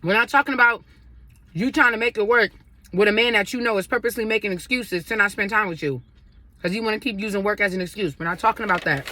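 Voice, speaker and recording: Casting note: woman, bright and lively, talks straight to camera over a meal, friendly advice-giver. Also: mid-range voice, slight background noise. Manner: chatty, addresses viewers directly, eating while talking. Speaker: vlogger sharing advice. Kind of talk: casual chat over a meal.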